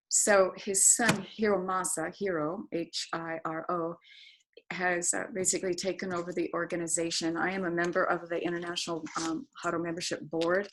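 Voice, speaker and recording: Middle-aged woman, interview guest, lower voice, storyteller who acts out her reactions. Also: rough recording. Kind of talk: conversational storytelling.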